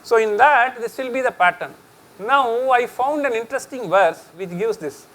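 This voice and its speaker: A man's voice: very high-pitched, expressive, moderate pace, a bit bright, rough recording. A middle-aged man with an Indian accent giving a chatty public lecture, switching between English and Hindi and laughing often.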